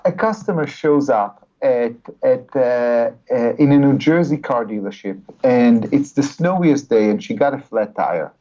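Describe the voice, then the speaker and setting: A man, a guest author, answering interview questions with animated storytelling, often repeating words as he builds a point. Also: mid-range voice. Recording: dull lo-fi audio.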